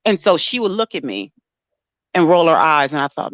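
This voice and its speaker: A woman's voice: deep voice, sing-song, no room sound. Tearful woman in muffled dry audio. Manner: soft-spoken, halting, with frequent restarts. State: tearful, close to crying. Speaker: guest poet. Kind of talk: emotional casual conversation. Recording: dull muffled dry sound.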